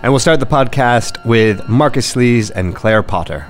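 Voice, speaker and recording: A man's voice: medium pitch, measured pace. A man hosting a podcast, introducing it casually with fillers and repeated words. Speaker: podcast host. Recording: faint music underneath.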